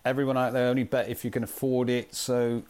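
Laid-back podcast host guy, warm low-key tone, keeps things moving. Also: little pitch movement, a little fast. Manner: easygoing, steers the segment with short prompts. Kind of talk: casual chat.

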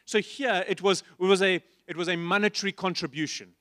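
Man, pastor, passionate sermon, rhetorical questions, high voice. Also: fairly even intonation, fairly quick, fairly bright tone, dry recording, studio quality. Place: church.

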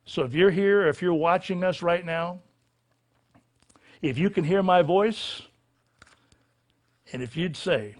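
A man's voice: high-pitched, moderate pace, long pauses. A middle-aged male pastor giving an altar call in a church service, preaching with a fervent, repetitive cadence. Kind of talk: altar call and sinner's prayer.

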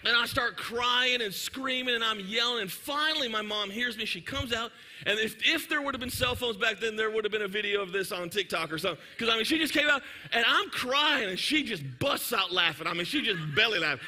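Animated, bright-voiced preacher. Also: male voice, very high-pitched, fairly quick. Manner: animated, joking, talks directly to the audience. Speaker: pastor. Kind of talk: sermon storytelling.

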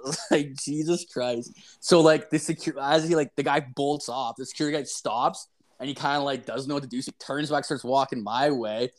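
A man's voice: fairly high pitch, normal speed. Profane rambling man telling stories. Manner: profane, rambling, heavy use of "like" fillers. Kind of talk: casual storytelling chat.

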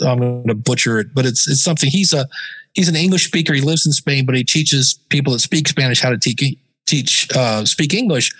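A middle-aged man, a podcast guest, telling stories in a casual interview and acting out the people he quotes in lively voices. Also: medium pitch. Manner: chatty, acts out quoted people in animated voices.

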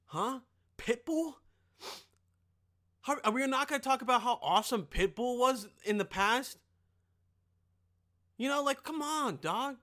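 A man's voice: very high-pitched, animated, unhurried, pauses often, bright, forceful tone. A young man hosting a podcast, rambling and joking with lots of swearing. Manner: rambling, profane, jokey. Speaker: podcast host. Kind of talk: casual podcast monologue.

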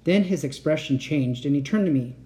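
A woman reading a chapter book aloud in an expressive, dramatic storytelling manner. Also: low-pitched, fairly quick.

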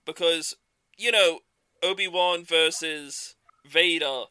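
An eager man chats casually about films on a podcast, his voice very bright and edgy. It sits close in a dry mic, with no room sound at all. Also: a little high, takes it slowly, smooth, no echo. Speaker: podcast co-host. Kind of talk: casual film discussion.

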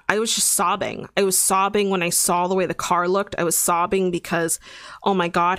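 A woman's voice: fairly low pitch, fairly bright tone, dry recording, studio quality. A young adult woman hosting a podcast, telling a personal story in an earnest, confessional and emphatic way. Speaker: podcast host.

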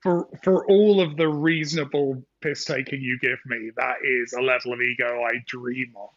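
A man's voice: mid-range voice, steady tone, moderate pace, fairly bright tone, highs cut off. A man co-hosting a podcast in casual chat, with dry, sarcastic teasing. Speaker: podcast co-host.

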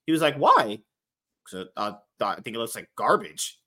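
A man's voice: on the low side, expressive, fast talker, pushed and bright. A man co-hosting a casual podcast, telling a story in a loose, rambling way. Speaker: podcast host. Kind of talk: casual chat.

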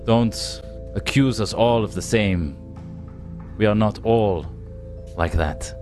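Deep-voiced man player in character. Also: takes it slowly, darkish tone, soft background music. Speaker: player voicing his character. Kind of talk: in-character tabletop game talk.

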